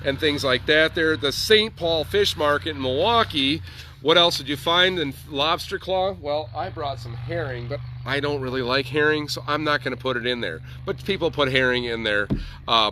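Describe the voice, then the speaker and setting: A man's voice: on the high side, pushed and bright, slight background noise. A man, hosting a casual show and rambling through a story with chatty asides. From Wisconsin. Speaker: host. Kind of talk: casual chat.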